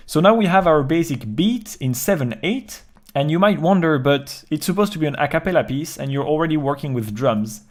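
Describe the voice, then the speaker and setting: A man explaining step by step how he produced a track in his home studio, in a calm, even way. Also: a little high, brisk, faint music behind. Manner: calm step-by-step walkthrough, counting beats aloud. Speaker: music producer. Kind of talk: explaining a music production process.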